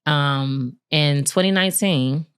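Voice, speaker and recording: A woman with a low voice co-hosts a podcast and tells a personal story in casual chat. She talks candidly and acts out the quotes of the people in it. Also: slow pace, clear, resonant tone. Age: adult, married with a son. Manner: candid, animated retelling with laughs and acted-out quotes. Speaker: podcast co-host.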